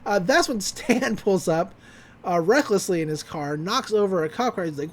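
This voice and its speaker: A woman hosting a podcast, casually recapping a cartoon episode with quick bits of character voices. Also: medium pitch. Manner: animated retelling with quick character voices and laughs. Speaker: podcast host.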